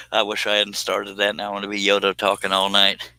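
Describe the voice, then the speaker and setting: A man's voice: fairly low pitch, completely flat delivery, moderate pace, creaky, pushed and bright, clean tone, no echo, rough recording. Folksy, chuckling man streamer. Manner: folksy, self-amused, chuckles often. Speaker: live-stream host. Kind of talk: casual live-stream chat.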